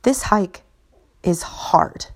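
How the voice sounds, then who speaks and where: A woman voicing a tired adult female hiker who speaks softly and slowly, half-whispering. The voice stays close to her own natural register. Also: fairly high pitch, sing-song, pitched above the performer's own voice, full character voice. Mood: hushed. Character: weary adult woman hiker, worn out, softened.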